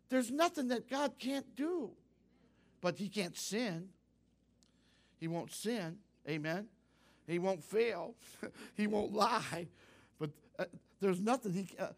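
An older man preaching a sermon to young people, folksy and direct, rising to loud fervent exclamations. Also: sits high. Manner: folksy, addresses youth directly. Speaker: pastor.

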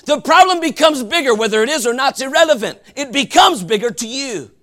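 A man preaching a fervent sermon with folksy asides, often rising to shouts. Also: very high voice, lively intonation, a little fast. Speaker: pastor.

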